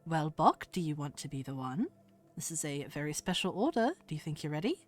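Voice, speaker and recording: A woman voicing a brisk, businesslike male shop clerk in a tabletop game. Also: fairly high pitch, big pitch swings. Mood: coaxing.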